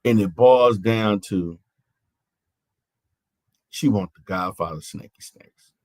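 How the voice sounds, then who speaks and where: A man's voice: lowish voice, slow, darkish tone, no echo. A man hosting an online panel, ranting in a mocking, profane way, stammering and repeating his phrases. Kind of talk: heated live-stream rant.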